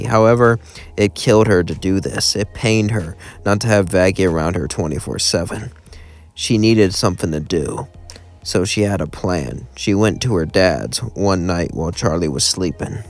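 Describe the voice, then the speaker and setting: A man's voice: sits low, moderate pace, soft background music. A man casually narrating a fan story in a loose, rambling way.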